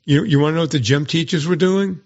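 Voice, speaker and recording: A man's voice: on the high side, fast, dull audio. Storytelling male podcast host. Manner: animated storytelling with mock quoted voices. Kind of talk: casual chat.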